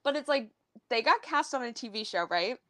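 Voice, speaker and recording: A young woman guesting on a podcast, chatting in a relaxed, amused way. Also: on the high side, fairly quick. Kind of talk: casual chat.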